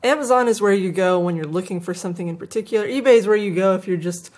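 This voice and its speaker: A woman's voice: mid-range voice, fast talker, a little mellow. Playful woman co-hosting tech news. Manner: playful, joking. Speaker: news show co-host. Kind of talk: casual news chat.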